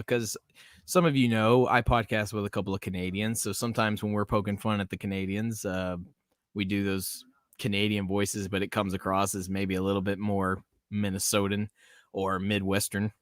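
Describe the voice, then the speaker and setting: A man's voice: on the low side, flat delivery, moderate pace, no room sound. Rambling Southern-living man, dry sound. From American South. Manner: rambling, laughs often, reads chat aloud. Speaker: podcast host. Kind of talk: casual live-stream chat.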